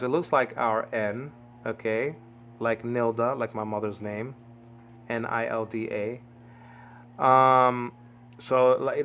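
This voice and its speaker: A man's voice: medium pitch, a bit bright, a little hiss or hum. A man giving an informal Bible Greek lesson, rambling and often checking in with "okay?" and "you understand?". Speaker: Greek language teacher.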